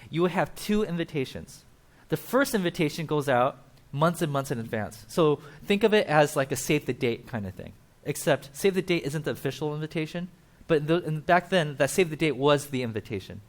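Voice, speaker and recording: A man preaching a casual, conversational sermon at a church, explaining with asides and acting out quotes. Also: a little high. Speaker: pastor.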